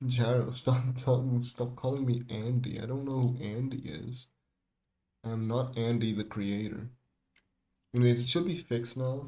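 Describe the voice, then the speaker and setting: A man's voice: medium pitch, dark tone. A young man rambling through a casual livestream breakdown of his own remix, with lots of fillers, restarts and laughs. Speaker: music producer streaming a breakdown of his remix. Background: faint music.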